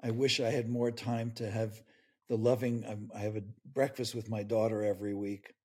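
A man's voice: lowish voice, level tone, normal speed, a little mellow, breathy edge. Tearful, earnest older man. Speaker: guest, grief expert. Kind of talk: emotional interview conversation.

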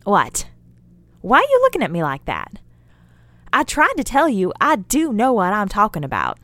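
A woman's voice: mid-range voice, huge pitch swings, moderate pace, fairly bright tone, no echo. A woman playing a folksy, chatty character who rambles and scolds her listener as she lectures him about memes. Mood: rambling. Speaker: character in an audio drama monologue. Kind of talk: scripted character monologue.

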